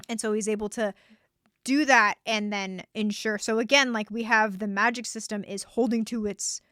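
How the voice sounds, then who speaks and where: A woman's voice: mid-range voice, fairly even intonation, moderate pace, sharp tone, no room sound, studio quality. A woman co-hosting a podcast, chatting casually about a book and paraphrasing its scenes. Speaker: podcast co-host.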